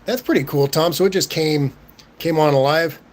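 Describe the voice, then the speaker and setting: A young man with a Southern Californian accent, hosting a casual livestream and reading chat comments. He talks in a relaxed, stammering way and chuckles often. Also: a little high, moderate pace. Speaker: livestream host.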